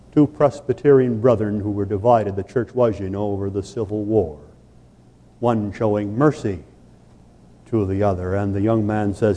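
A man preaching a sermon, telling a story slowly and dramatically, then building to sudden loud peaks as he presses his point. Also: on the low side, steady tone. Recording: long reverb of a large hall.

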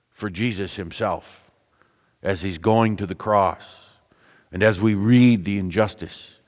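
Slow, deliberate male preacher in a reverberant hall. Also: fairly low pitch. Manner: deliberate preaching with repeated phrases and rhetorical questions. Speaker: pastor. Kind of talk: sermon.

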